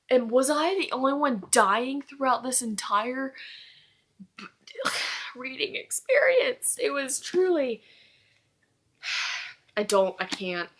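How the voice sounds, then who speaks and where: A woman's voice: fairly high pitch, a bit bright. A young woman reviewing a book in casual chat, gushing and rambling as she fangirls.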